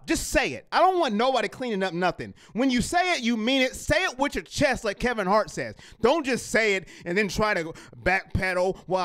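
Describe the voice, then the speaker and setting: A man's voice: sits high, a bit bright. A man hosting a live sports fan show, ranting heatedly and reading viewer comments. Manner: fired up, emphatic, repeats lines for effect.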